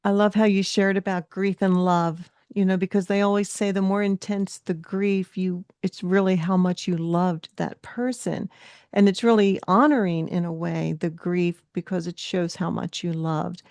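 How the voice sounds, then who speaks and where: A woman's voice: on the low side, steady tone, normal speed, darkish tone, no echo, studio quality. A woman hosting a podcast interview, affirming and encouraging her guest. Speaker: podcast host. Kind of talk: podcast interview, casual conversation.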